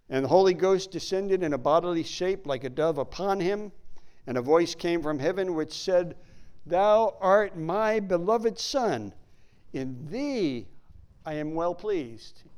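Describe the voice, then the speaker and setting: Male preacher, higher voice, unhurried and emphatic delivery, reads old-style Bible verses. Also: animated, a little mellow, smooth. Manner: emphatic, slows to stress key words; reads King James verses aloud. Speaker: Bible teacher. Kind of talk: sermon with scripture reading.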